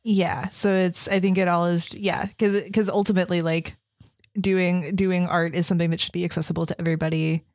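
A woman with a low, gravelly voice co-hosts a casual podcast and states her opinions bluntly. The sound is very dry and close. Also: little pitch movement, fairly quick, darkish tone, no room sound. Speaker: podcast co-host.

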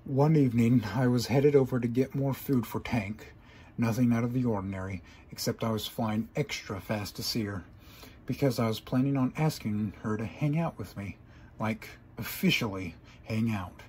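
Brief: male story reader, mid pitch, earnest dramatic first-person narration, faint ambient noise. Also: normal speed, mellow.

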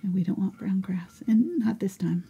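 A woman teaching a live painting lesson in a breathy, soft voice, often mumbling as if talking to herself. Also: medium pitch, animated, normal speed. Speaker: painting instructor.

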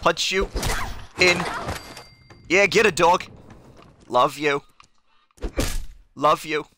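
A man's voice: a little high, drawn-out words, background noise. A young man streaming a game in character, talking in a manic, rambling, self-mocking way. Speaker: gaming streamer. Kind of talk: in-character let's play commentary.

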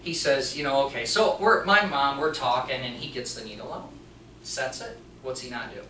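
A man giving a live training presentation to an audience, telling a story in an animated way and acting out the dialogue. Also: mid-range voice, moderate pace, slight background noise. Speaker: workplace trainer and mechanic. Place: meeting room at a hospital. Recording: roomy echo, distant mic.

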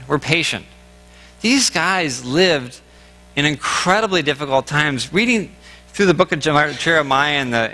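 A man preaching a sermon as pastor, conversational and animated, with quick asides and restarts. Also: a little high. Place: church sanctuary. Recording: long church hall reverb.

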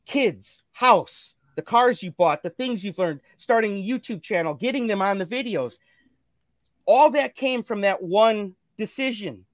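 A man's voice: sits high, expressive, unhurried, no echo, studio quality. A man talking earnestly on a live stream, preaching self-love and good decisions in a repetitive, motivational way. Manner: earnest, preachy, repeats phrases. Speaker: guest. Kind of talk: motivational casual chat.

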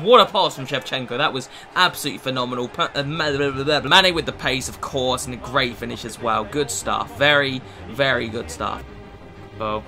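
Bright-voiced gaming commentator. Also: male voice, mid-range voice, moderate pace, soft background music. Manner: chatty, swears and shouts at the game. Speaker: FIFA gaming YouTuber. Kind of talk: casual gameplay commentary.

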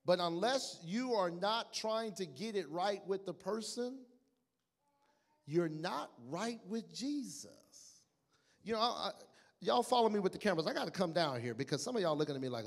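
Brief: male pastor, high voice, fiery sermon delivery, echoing church hall. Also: animated, normal speed. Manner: passionate preaching, rising to shouts, calls congregation to repeat. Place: church sanctuary.

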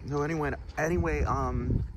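A man's voice: fairly high pitch, fairly even intonation, normal speed. A man in an angry, profane rant, rambling and restarting his sentences as he records outdoors. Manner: ranting, heavy swearing, rambling restarts. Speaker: vlogger. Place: outdoors by a road with traffic. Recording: noisy outdoor traffic recording. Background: passing vehicles.

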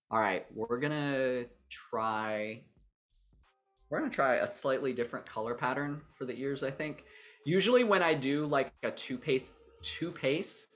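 Demonstrating a character builder for his livestream, this host talks loosely and thinks out loud, poking fun at himself as he goes. His pitch is medium, with a slightly bright tone.

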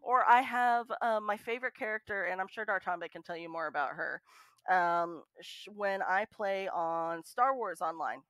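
Woman, podcast guest, animated, chatty, mid-pitched voice, dry sound. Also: normal speed, no echo. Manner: animated, chatty, lots of fillers. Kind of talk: casual podcast chat.

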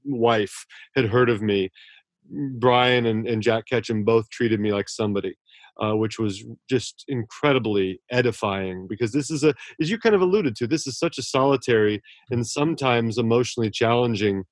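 A man's voice: medium pitch, normal speed, no echo. Earnest man on a dry podcast mic. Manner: earnest, effusive, with frequent restarts. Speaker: author guest. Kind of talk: casual podcast interview.

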